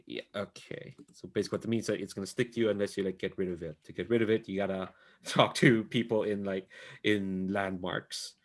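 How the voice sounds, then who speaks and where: A man runs a tabletop game as game master, narrating casually with a lowish, steady voice at a brisk clip. He rambles, packs his talk with ums and likes, and laughs often.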